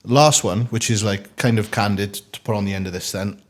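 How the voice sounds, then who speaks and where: A man's voice: lowish voice, fairly quick. A man hosting a podcast interview, laid-back and jokey, swearing casually. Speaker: podcast host.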